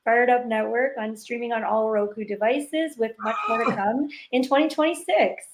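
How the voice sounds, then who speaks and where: A woman's voice: on the high side, normal speed. A woman co-hosting a casual talk show, light and easygoing. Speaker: co-host. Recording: echoey room with faint noise.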